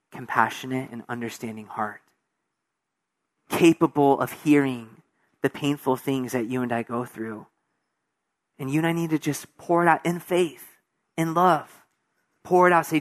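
A man preaching a sermon, moving between soft, hushed passages and raised, emphatic stretches, with casual asides and acted-out voices of people in the story. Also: mid-range voice. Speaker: pastor.

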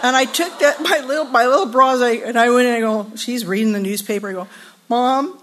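Animated older woman preaching at a retreat. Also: a little high, quick pace. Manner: animated and laughing in stories, earnest in scripture teaching. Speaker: retreat speaker. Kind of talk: storytelling sermon.

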